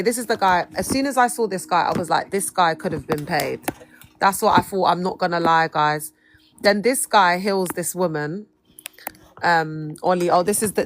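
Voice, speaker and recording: A woman's voice: medium pitch, slight background noise. A woman in her thirties with a London accent, giving casual live-stream commentary in a chatty, slangy way and laughing often. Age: 30s. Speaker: livestreamer.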